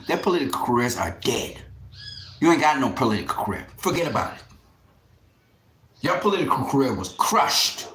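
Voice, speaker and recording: A man's voice: mid-range voice, fairly bright tone, roomy sound. A man hosting a boxing channel, delivering a fervent, emphatic monologue with repeated vows and drops into harsh whispers. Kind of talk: impassioned monologue to camera.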